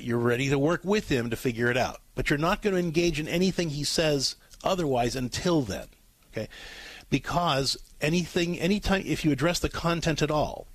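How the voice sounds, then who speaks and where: A middle-aged man hosting a call-in advice show, coaching a caller in a calm, repetitive way. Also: medium pitch, no echo. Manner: calm, coaching, repeats key points. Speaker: radio advice host.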